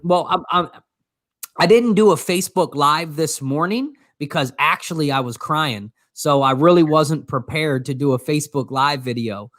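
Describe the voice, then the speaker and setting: A man's voice: a little high, normal speed, fairly bright tone, no room sound, studio quality. A man co-hosting a casual motivational talk show, talking earnestly with many restarts and stumbles. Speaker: show co-host.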